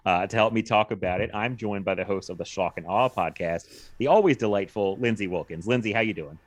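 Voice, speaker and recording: A man's voice: on the low side, brisk. A man hosting a film podcast, chatting casually with frequent laughs and fillers. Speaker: podcast host.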